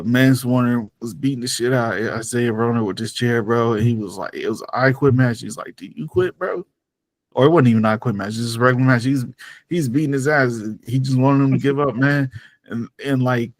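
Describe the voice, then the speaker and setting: A man's voice: medium pitch, fairly quick, dry recording. A man hosting a podcast in casual chat, laid-back, laughing often and ending lines with "bro". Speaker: podcast host.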